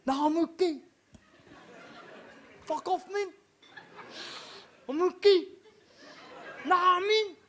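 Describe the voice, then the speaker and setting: Huge emotional kiwi doorman, a comedian puts him on, high sing-song voice, live gig noise behind. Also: extremely slow, long pauses, a bit bright, a faint crowd, heavily acted. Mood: wounded. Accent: New Zealand. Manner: high sing-song phrasing, long rising sentences. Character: huge gentle male doorman, emotional and soft-spoken. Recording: live venue recording with room noise.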